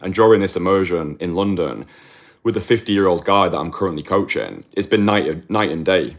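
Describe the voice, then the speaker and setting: A man talking straight to the camera as a dating coach, blunt and emphatic, repeating phrases for effect and clearing his throat now and then. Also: low-pitched, normal speed. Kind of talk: direct-to-camera monologue.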